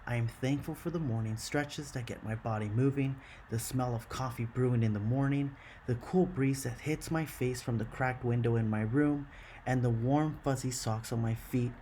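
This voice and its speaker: A man teaching a classroom lesson, slow and encouraging, counting syllables aloud. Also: mid-range voice, mellow, a little hiss or hum.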